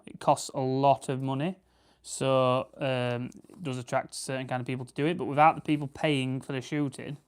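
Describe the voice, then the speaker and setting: A Yorkshire man from Barnsley chats loosely on a farming livestream, wandering between thoughts and stopping to answer viewers. His voice sits at an ordinary middle pitch. It comes across smooth and clear. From Barnsley, England. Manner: chatty, rambling, self-correcting, answers chat comments. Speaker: farming channel host. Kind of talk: casual livestream chat while plucking game.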